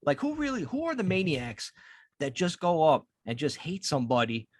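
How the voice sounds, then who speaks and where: A man's voice: a little high, wildly swooping pitch, moderate pace, no echo. A man, co-hosting a podcast in casual chat and ranting heatedly with plenty of swearing. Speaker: podcast co-host.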